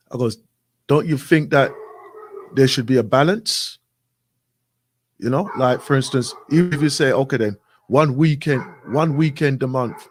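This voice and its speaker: A man casually telling a story, acting out both sides of a talk and often asking "right?". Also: medium pitch. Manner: repetitive, frequent "right?" and "I goes". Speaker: radio show guest.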